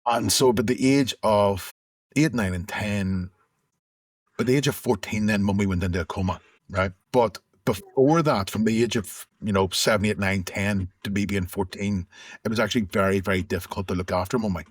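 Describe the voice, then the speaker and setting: Middle-aged man, deep and husky, candid and reflective, dry close recording. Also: moderate pace, dry recording. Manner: reflective, conversational, with restarts. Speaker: interview guest. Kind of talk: candid personal storytelling.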